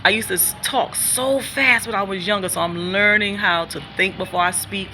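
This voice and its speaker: Bright-voiced earnest woman vlogger. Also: mid-range voice, normal speed, a little hiss or hum. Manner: earnest, preachy, repeats phrases, sometimes fumbles words. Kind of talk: faith-based personal vlog, talking to viewers.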